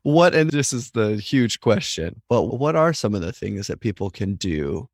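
A man's voice: fairly low pitch, very animated, normal speed, no room sound, clean studio sound. A man hosting an interview conversation, casual, often laughing and saying "like".

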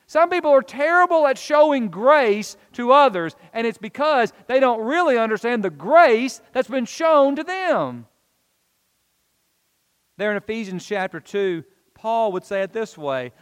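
High-voiced preacher man in a reverberant hall. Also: very animated, measured pace, clean tone. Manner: earnest, emphatic preaching with repeated phrases. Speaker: pastor. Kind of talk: sermon.

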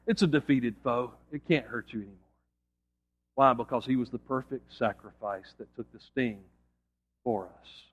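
A male pastor delivers a sermon at a moderate pace, earnestly telling an illustrative story. He frequently lowers his voice to a quiet hush to stress a point.

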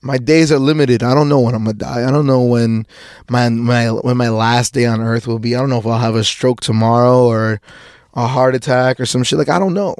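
A man's voice: medium pitch, steady tone, brisk, a little mellow, no room sound, studio quality. A young man hosting a podcast, talking through a casual personal monologue in a rambling way, with many restarts and casual swearing. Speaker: podcast host.

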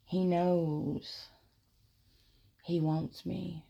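A woman telling a first-person erotic story, drawing out her words with soft murmurs and frequent giggles. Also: lowish voice, level tone, extremely slow, creaky, husky, lo-fi sound.

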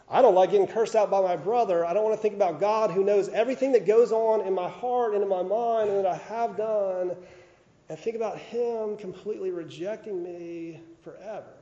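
A man's voice: high voice, dark tone, roomy sound, muffled recording. A man preaching a sermon in a conversational way, with frequent fillers and restarts. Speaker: pastor.

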